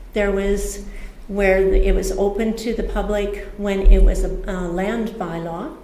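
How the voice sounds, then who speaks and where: A woman's voice: mid-range voice, a little mellow, slight background noise. A woman addressing a town council as a member of the public, reading a prepared letter earnestly with small apologetic self-corrections. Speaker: delegation speaker from the public. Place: council chamber. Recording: echoey chamber.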